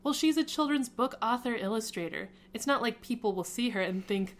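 A woman reading the lines of an earnest, lovesick middle-aged father, in an animated read-aloud manner. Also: a little high, fairly quick, natural voice.

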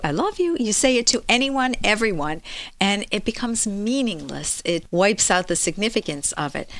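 A woman's voice: mid-range voice, no room sound. A woman psychologist who hosts an advice show and speaks earnestly and emphatically, acting out quoted speech. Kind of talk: advice talk and book reading.

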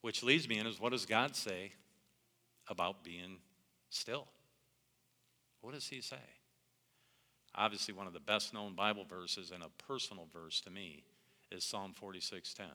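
A man's voice: fairly low pitch, normal speed, sharp tone, in a large hall. A middle-aged man preaching a sermon in an earnest, conversational way, often calling his listeners "guys.".

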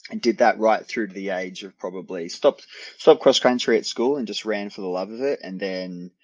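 A man's voice: lowish voice, normal speed, dry recording, lo-fi sound. A man in his thirties from Australia with an Australian accent, a podcast guest chatting casually in an easygoing, rambling way. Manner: easygoing, rambling with restarts and laughs. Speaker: podcast guest, endurance athlete. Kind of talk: casual interview chat.

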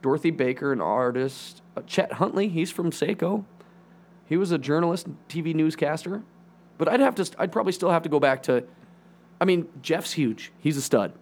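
A man's voice: a little high, animated, fairly quick, a little mellow. A man co-hosting a casual podcast, profane and teasing, laughing often as he banters. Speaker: podcast co-host.

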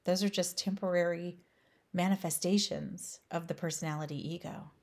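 A woman teaching on spirituality, asking slow, emphatic rhetorical questions. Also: on the low side, steady tone, a little mellow. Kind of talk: inspirational spiritual talk.

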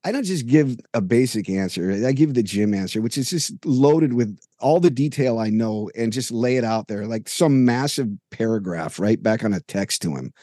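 A man's voice: medium pitch, animated, normal speed, hardly any pauses, dark tone, no room sound, studio quality. A man co-hosting a podcast, telling a long, detailed anecdote in casual chat and acting out the dialogue as he goes. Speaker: podcast co-host. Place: home room with jerseys on the wall.

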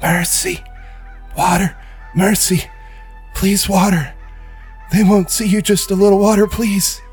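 A woman's voice: mid-range voice, steady tone, a little slow, darkish tone, faint music behind, pitched above the performer's own voice, natural voice. A man voicing a weak, starving half-elven woman locked in a cage, pleading in a faltering voice. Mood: desperate pleading.

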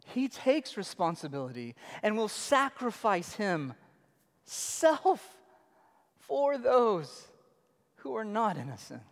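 High-voiced man preaching in a hall. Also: slow pace. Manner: animated preaching, shifting between loud emphasis and low murmurs. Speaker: pastor. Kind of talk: sermon. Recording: long hall reverb.

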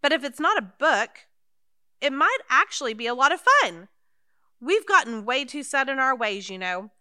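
A woman's voice: sits high, expressive, normal speed, pushed and bright, dry recording, clean studio sound. An actress playing Mildred, a timid, fussy elderly woman in an audio drama. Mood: relieved. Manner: fussy, anxious, flustered.

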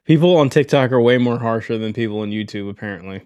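A man's voice: medium pitch, quick pace, a little mellow, dry recording. Young guy, casual podcast co-host, laid-back and wry, dry close sound. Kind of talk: casual chat.

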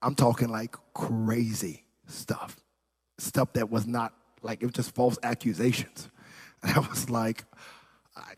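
A man's voice: mid-range voice, normal speed, darkish tone, slightly rough, big-room sound. A man preaching a sermon, telling a personal story in a conversational way and acting out what people said. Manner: conversational storytelling with quoted voices and asides. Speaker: pastor.

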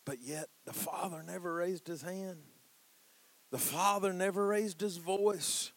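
A man preaching a sermon in a church, calling out to the congregation for responses and swinging between hushed, drawn-out lines and loud emphatic peaks. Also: high voice. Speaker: pastor.

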